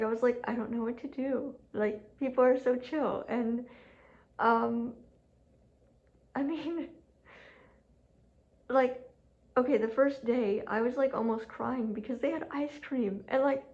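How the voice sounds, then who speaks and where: Brief: woman vlogger, rambling casual chat full of "like", higher voice, dull lo-fi sound with faint hum. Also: darkish tone. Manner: chatty, heavy use of "like", laughs often. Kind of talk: casual storytelling vlog. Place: home room with furnace running.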